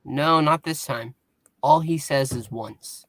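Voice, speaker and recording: A man co-hosting a casual podcast, chiming in with quick agreements and dry jokes. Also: a little high, a bit bright, a little hiss or hum. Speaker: podcast co-host. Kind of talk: casual recap chat.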